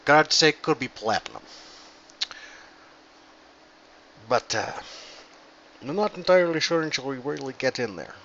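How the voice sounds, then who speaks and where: A man voicing Dorian, a gruff dwarf mine boss, in a put-on Russian accent and broken English. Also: a little high, animated, a little fast, sharp tone, lo-fi sound, a little hiss or hum. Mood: musing.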